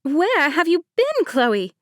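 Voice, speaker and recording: A woman voicing a nervous, demanding young bride in an audiobook, talking in a high-strung, whiny way. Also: huge pitch swings, slow pace, a bit bright, dry recording, studio quality, exaggerated voice.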